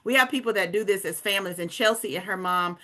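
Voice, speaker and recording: A woman leads an online group call with a bright, forceful voice. She pitches with high energy, peppering her talk with "guys" and "okay." Her pitch sits in a middle range. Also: fast talker. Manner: energetic, hypes up others, casual asides like "guys" and "okay". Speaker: presenter of a recruiting call. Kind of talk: enthusiastic sales pitch.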